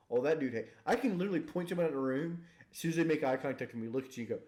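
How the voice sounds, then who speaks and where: A man co-hosting a casual comedy chat, joking and acting out voices with deadpan punchlines. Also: a little high, very fast, few pauses. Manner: jokey, acts out silly voices, deadpan punchlines. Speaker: podcast co-host.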